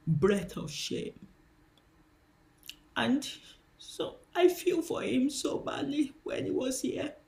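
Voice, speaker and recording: A woman's voice: on the high side, gravelly, darkish tone. A woman preacher giving a spiritual teaching, impassioned and emphatic, repeating her key phrases.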